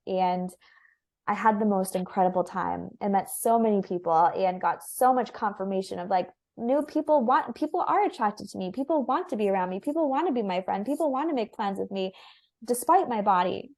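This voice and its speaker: A woman's voice: medium pitch, fairly quick, darkish tone. A young woman speaking as an interview guest, telling her personal story earnestly and candidly, with lots of filler "likes".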